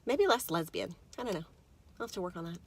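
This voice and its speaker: A middle-aged woman vlogging, telling a story in a gravelly, tired voice and mimicking the people she quotes. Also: fairly low pitch, fast talker. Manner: animated, mimics others in quotes. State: gravelly from little sleep. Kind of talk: casual storytelling to camera.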